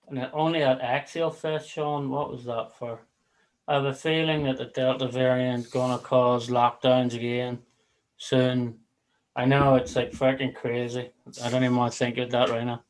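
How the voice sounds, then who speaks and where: A man's voice: medium pitch, little pitch movement, a little slow, poor audio. A man hosting a casual livestream chat, rambling between topics and swearing casually. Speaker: livestream host.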